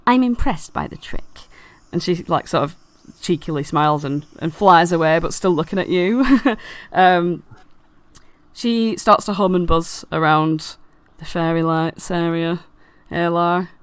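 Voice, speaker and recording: A woman's voice: fairly low pitch, fairly even intonation, measured pace, clear, resonant tone, dry recording. A woman narrating as dungeon master of a tabletop game, loose and giggly with many fillers.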